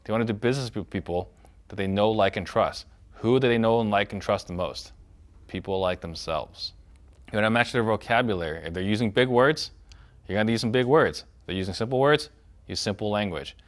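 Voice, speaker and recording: Low-voiced man coaching sales trainees. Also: quick pace. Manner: direct, coaching tone, acts out prospect lines; shifts loudness and pace to demonstrate points. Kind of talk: recorded training lesson.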